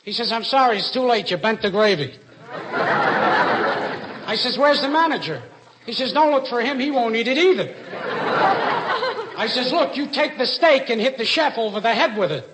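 High-voiced stand-up comedian man. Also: moderate pace, pauses often, heavy background noise. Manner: deadpan one-liners with sung bookends. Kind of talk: rapid-fire stand-up jokes.

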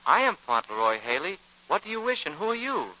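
A man's voice: high voice, very animated, brisk, bright, forceful tone, full character voice. A man playing a prim, naive boy heir in a sing-song manner, in 1940s radio comedy. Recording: dull old radio recording with faint hiss.

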